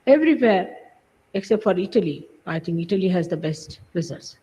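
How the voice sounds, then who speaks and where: A woman's voice: on the low side, lively intonation, fairly quick, warm tone. A woman giving a recorded spiritual lecture, emphatic and scolding, firing off rhetorical questions. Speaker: spiritual teacher. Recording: archival lecture with hall reverb, dull sound.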